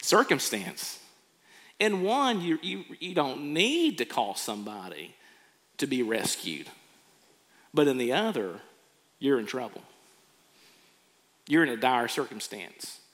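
A man's voice: medium pitch, sing-song, slow pace, pauses often, a bit bright. A man preaching a sermon, earnestly acting out people's reactions. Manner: earnest, acts out quoted reactions. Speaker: pastor. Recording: long hall reverb.

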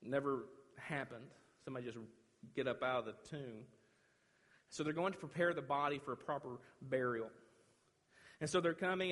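A man preaching a sermon, dramatic, swinging from loud declaring to hushed, quiet lines. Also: mid-range voice, normal speed, pauses often. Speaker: pastor. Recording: long hall reverb.

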